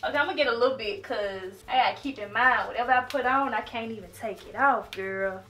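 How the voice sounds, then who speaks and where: A woman's voice: fairly high pitch, fast talker, bright, forceful tone. A woman talking casually in a home vlog, dramatic and laughing, often crying out that she is scared. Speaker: vlogger.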